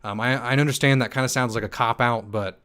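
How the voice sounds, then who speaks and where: A young man hosting a livestream Q&A, reading chat comments aloud and answering in a hyped, fast manner with many ums and restarts. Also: mid-range voice, fairly even intonation, fairly bright tone. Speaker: stake pool operator and channel host.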